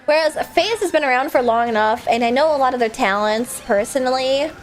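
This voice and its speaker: High-voiced woman streamer, rambly chat. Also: brisk, soft background music. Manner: rambling, filler-heavy, with sudden loud outbursts at the game. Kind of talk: casual live-stream chat while gaming.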